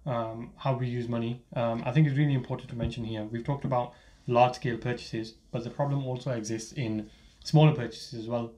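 Male co-host, brisk advice, medium pitch, casual. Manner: calm advice-giving with fillers. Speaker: podcast co-host. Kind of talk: casual podcast chat.

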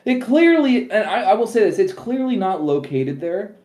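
Male podcast co-host, casual and animated, swears freely, echoey room. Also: high voice, moderate pace, few pauses. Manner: animated, swears, laughs at his own points. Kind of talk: casual chat.

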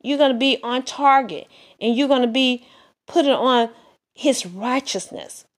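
Woman preacher with a slightly high voice, delivering an earnest, repetitive sermon. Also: measured pace. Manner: earnest, repetitive exhortation with many restarts.

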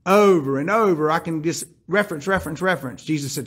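A preacher with a notably high, slightly rough voice delivers a sermon, opening with a personal story before moving to scripture. He talks fast with few pauses, dropping into hushed tones and then climbing back up with emphatic, rising delivery.

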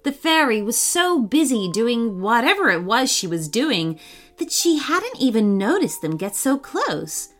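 Female kids' storyteller, slow and very expressive read-aloud, faint music under. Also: fairly high pitch. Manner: warm, animated and expressive. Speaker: children's storyteller.

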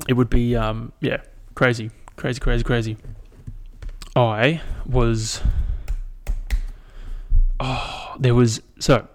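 A man's voice: mid-range voice, level tone, takes it slowly, long pauses. A young Australian man chatting alone into a mic, rambling and swearing freely as he retells his week. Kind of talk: casual solo chat.

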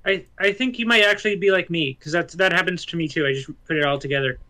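A man's voice: fairly high pitch, fast talker, bright, forceful tone. A man playing in a tabletop game, chatty and helpful in casual talk. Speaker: player. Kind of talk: casual chat.

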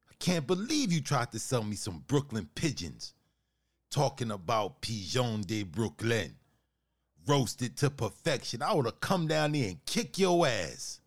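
A man's voice: medium pitch, animated, a little slow. A man ranting profanely and indignantly as a wronged customer in a comedy sketch. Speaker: podcast host.

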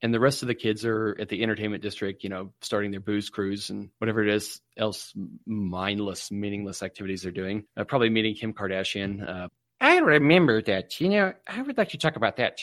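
A man hosting a livestream, rambling through absurd comic stories in a deadpan way. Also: lowish voice, fairly quick, no room sound, clean studio sound. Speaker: livestream host.

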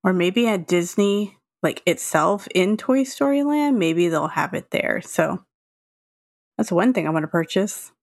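A woman co-hosting a podcast in relaxed casual chat, agreeable and laughing often. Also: on the low side, a little slow, creaky, no room sound, clean studio sound. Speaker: podcast co-host.

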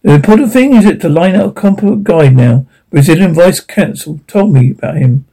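A man's voice: fairly high pitch, lively intonation, a little fast, warm tone, husky, rough recording. A man reading the part of a stiff, formal doctor who lectures the others. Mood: reproving. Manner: prim, reproving.

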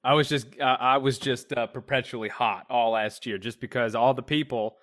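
Male, mid pitch, casual joking co-talker. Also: fairly even intonation, normal speed, fairly bright tone. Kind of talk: casual chat.

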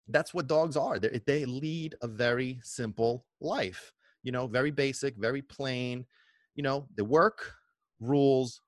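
A middle-aged man casually telling stories from his past in a rambling, animated way, with many restarts. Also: mid-range voice, no room sound, studio quality. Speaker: vlogger. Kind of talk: casual nostalgic storytelling.

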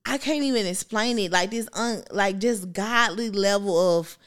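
A woman's voice: medium pitch, moderate pace, smooth. A young adult woman co-hosting a podcast, chatting candidly and reflectively, with a rambling style full of "like" fillers. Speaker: podcast co-host. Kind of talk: casual chat.

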